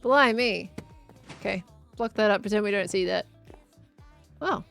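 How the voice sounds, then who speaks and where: An Australian woman streamer rambling in casual chat while she plays a game, chatty and quick to giggle. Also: mid-range voice, creaky, a bit bright, soft background music.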